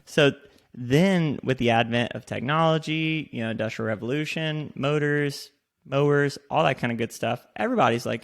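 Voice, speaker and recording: Podcast co-host, male, gravelly, jokey and profane, casual banter. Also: mid-range voice, normal speed. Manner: joking, swears freely. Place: in Austin.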